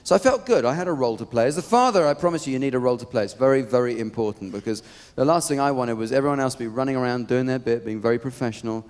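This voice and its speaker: A man with an English accent doing a live stand-up routine on a theatre stage, telling stories in a dry, deadpan way. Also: medium pitch, rapid-fire, hardly any pauses. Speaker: stand-up comedian. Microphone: stage microphone. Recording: live theatre recording with crowd and noise. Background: audience laughter.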